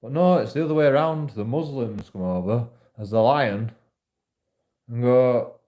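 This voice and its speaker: A man's voice: medium pitch, normal speed, dark tone. A man rambling through a profane monologue to camera, repeating himself often. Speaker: vlogger.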